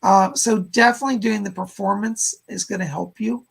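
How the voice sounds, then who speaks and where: Male psychic medium host, gravelly, husky, relays messages with constant "she said" asides. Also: high voice, steady tone, normal speed, a bit bright. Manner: relays spirit messages, frequent "he said" and "hold on". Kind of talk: live-stream psychic readings of chat questions.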